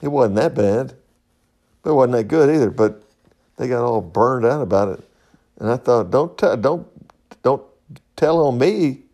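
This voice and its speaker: A man's voice: mid-range voice, expressive, a little slow, long pauses, warm tone. A middle-aged man, hosting a podcast in a rambling, folksy monologue and laughing at his own stories. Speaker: podcast host.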